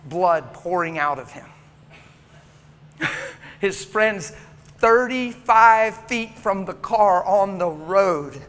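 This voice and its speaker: A man's voice: high-pitched, expressive, slow, long pauses, a bit bright. A male preacher delivering an emotional, story-driven sermon in a church, acting out the people in his stories. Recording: long church reverb, faint background noise.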